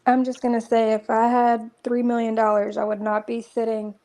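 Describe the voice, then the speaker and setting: A woman's voice: fairly high pitch, completely flat delivery, moderate pace, warm tone, no room sound. A woman chatting on a live stream panel, gossiping casually.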